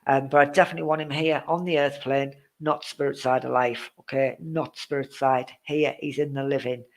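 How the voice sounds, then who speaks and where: A woman talks through a live-streamed psychic reading in a gravelly, creaky voice. She is chatty and keeps circling back over the same phrases. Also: extremely low pitch, steady tone, brisk, poor audio. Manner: chatty, repetitive, laughs at tech trouble. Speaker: psychic medium. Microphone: live-stream setup with a glitchy connection.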